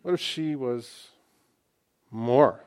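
Man, 60s, pastor mid-sermon; dynamic delivery, repeats lines for emphasis, loud-to-soft swings. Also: mid-range voice, extremely slow, clear, resonant tone. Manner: emphatic, swings from loud exclamations to hushed asides.

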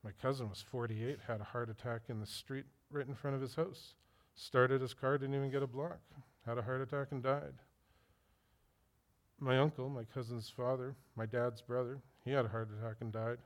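A middle-aged man, preaching as pastor, speaks at normal speed in a mid-range voice with fairly even intonation. He tells stories from his own life and asks the audience pointed questions.

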